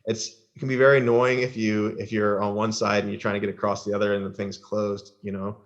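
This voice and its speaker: A man's voice: on the low side, level tone, fast. A man with an American accent, a guest on a podcast, talking casually and hesitantly, with lots of fillers and restarts. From American South. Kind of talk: casual chat. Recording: dull lo-fi sound.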